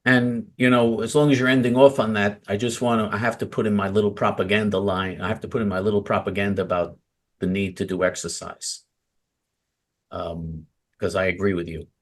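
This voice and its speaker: A man's voice: on the low side, level tone, brisk. A man hosting a talk show, speaking emphatically and a little preachily. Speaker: host. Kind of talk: casual talk-show chat.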